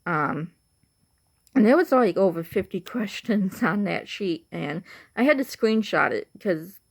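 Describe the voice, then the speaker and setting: A woman's voice: mid-range voice, animated, unhurried, vocal fry. Rambling woman with a Chicago accent. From Chicago, Illinois. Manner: rambling, many fillers like "like" and "you know". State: just woke up, tired. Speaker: vlogger. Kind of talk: casual rambling chat to camera.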